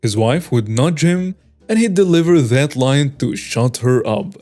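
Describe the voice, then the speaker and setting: A man narrating online stories in a plain, steady reading voice. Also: medium pitch, a little slow, faint music behind. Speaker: story narrator.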